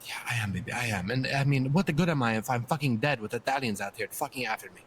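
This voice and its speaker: A man talking in character in a roleplay game, swearing constantly and rambling excitedly through a story. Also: mid-range voice, fast talker, slight background noise.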